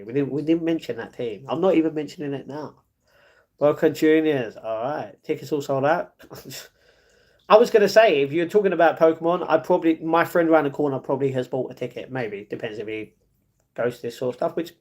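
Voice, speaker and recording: A man live streaming, chatting casually and reading viewer comments aloud, often laughing. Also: medium pitch.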